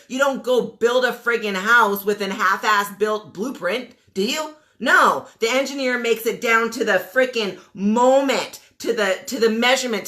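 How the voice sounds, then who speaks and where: A woman in her forties delivers a blunt motivational rant as a coach, hammering home commands and rhetorical questions. Her voice sits a little high and rings bright and forceful, with mild swearing thrown in. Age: 40s. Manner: emphatic, preachy, rhetorical questions and repeated commands.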